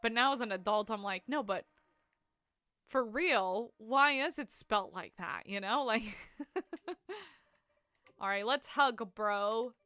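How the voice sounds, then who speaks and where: Bright, chatty young woman streamer. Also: fairly high pitch, expressive, slow, pauses often, no echo, clean studio sound. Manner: rambling, chatty, laughs often. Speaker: game streamer. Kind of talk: casual live-stream chat.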